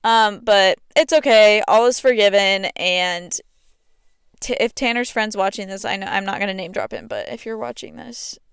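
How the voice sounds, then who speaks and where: Chatty young woman, smooth clear voice. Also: medium pitch, normal speed, dry recording, clean studio sound. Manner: chatty, fills speech with "like". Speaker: podcast host. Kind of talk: casual chat.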